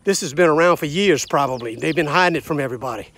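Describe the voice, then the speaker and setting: A man's voice: on the high side, fast, fairly bright tone, no room sound. A man in his sixties or seventies from the United States, delivering a blunt, combative, preachy rant straight to camera. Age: 60s to 70s. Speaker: vlogger. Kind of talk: ranting monologue to camera.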